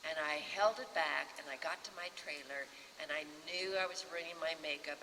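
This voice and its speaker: A woman in her sixties, an actress on a panel, lively and acting out other people's lines as she tells a story. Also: low voice. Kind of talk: storytelling anecdote. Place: festival panel in a hall. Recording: reverberant hall, faint background hum.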